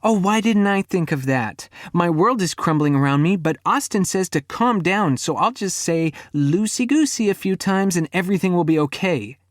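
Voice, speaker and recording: A man's voice: high-pitched, expressive, normal speed, few pauses, dry recording, studio quality, pitched above the performer's own voice. A man reading an audiobook, voicing an upset young woman who lashes out with sarcastic outbursts. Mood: furious.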